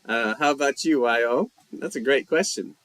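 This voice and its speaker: A man hosting a casual language-learning live chat, reading viewer comments and musing aloud at an easy, unhurried pace. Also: medium pitch, no room sound. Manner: slow, relaxed, thinking aloud while reading chat. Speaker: language livestream host.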